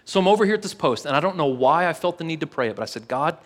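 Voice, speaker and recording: A man preaching a casual, earnest sermon to a live church service, telling a personal story and then leading a hushed prayer with many repeated words. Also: fairly high pitch, animated, racing, long reverb tail. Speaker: pastor.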